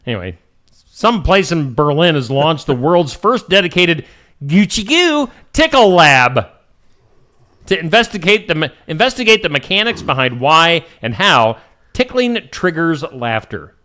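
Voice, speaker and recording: Morning host, male, jokey headline reader; bright, forceful voice with a bouncy pitch. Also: expressive, normal speed. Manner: jokey, reads headlines then riffs on them. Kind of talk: casual radio chat reading odd news.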